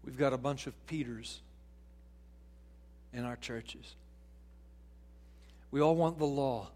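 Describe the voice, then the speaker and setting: A man preaching a sermon as pastor, swinging from hushed, slow lines to loud, pressing questions. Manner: acts out quoted voices, putting on an excited high voice.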